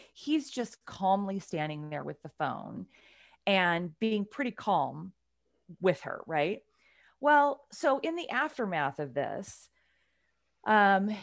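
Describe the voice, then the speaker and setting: A woman on a podcast telling a story in a casual, animated way, with her voice swinging from loud to hushed. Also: medium pitch, gravelly, no echo, studio quality.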